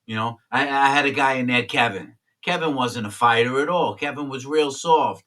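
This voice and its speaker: Man, streetwise storyteller, blunt and profane, bright tone, a bit far from the mic. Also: medium pitch, normal speed. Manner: blunt, streetwise, swears freely. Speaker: former prisoner telling stories. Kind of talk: candid storytelling.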